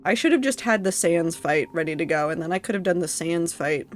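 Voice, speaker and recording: A woman's voice: lowish voice, expressive, a little fast, soft background music. Emotional woman streamer talking to chat. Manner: emotional, tearful and laughing, talks to chat. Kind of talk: casual live-stream commentary.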